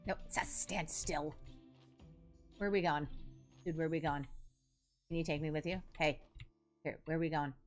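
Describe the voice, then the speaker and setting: A young woman streaming a video game, chatting casually and greeting her chat by name in an animated, jumpy way. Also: low voice, moderate pace, long pauses, soft background music.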